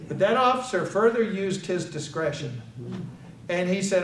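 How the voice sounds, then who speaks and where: Man telling a personal story at an event, raised pitch, recorded from a distance in an echoey hall. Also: animated, moderate pace, a bit bright, slight background noise. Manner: storytelling with acted dialogue. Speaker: guest speaker and author. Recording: echoey hall, far from the mic.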